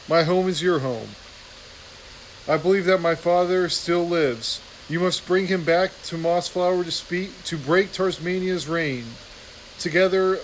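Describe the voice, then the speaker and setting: A man reading a novel aloud, voicing a wise old female badger with slow, measured emphasis. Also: a little high, a little hiss or hum, natural voice, low-quality recording.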